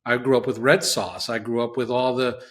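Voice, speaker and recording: New york chef dude chatting, animated storyteller, acts out the quotes. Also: male voice, medium pitch, brisk. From New York area. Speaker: chef guest. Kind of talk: casual chat.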